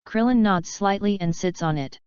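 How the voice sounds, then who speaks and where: A woman narrating an audiobook story in a steady, unhurried way. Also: mid-range voice, smooth, no echo. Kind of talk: audiobook reading. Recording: dull lo-fi audio.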